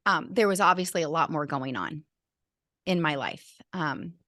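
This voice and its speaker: A woman's voice: low voice, normal speed, pushed and bright, no echo, clean studio sound. A middle-aged woman, a teacher and burnout coach, telling a personal story earnestly and with feeling as an interview guest, often restarting her sentences. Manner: earnest, emotional, with many restarts.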